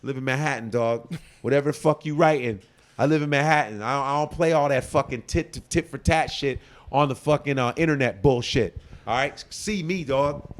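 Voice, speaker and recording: A male comedian in a casual interview, ranting in a profane, animated way. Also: mid-range voice, normal speed. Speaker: comedian guest.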